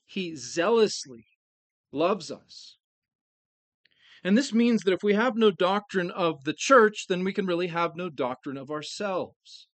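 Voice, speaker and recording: A male preacher with a rather high voice gives an earnest, emphatic sermon. He takes his time and slows right down to stress the key words. The sound is dry and close, with no room around it. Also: no echo.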